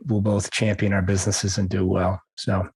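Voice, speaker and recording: A man's voice: low-pitched, monotone, normal speed, gravelly, darkish tone, slightly rough. A man hosting an interview, jokey and self-deprecating, asking rambling questions. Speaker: podcast host. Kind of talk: casual interview talk.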